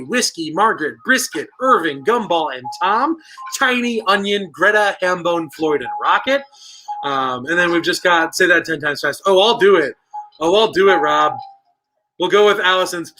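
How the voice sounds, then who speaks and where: A man's voice: high-pitched, pushed and bright, low-quality recording. A young man hosting a livestreamed trivia night, joking around and reading out viewers' guesses. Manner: playful and jokey, rattling off viewer guesses.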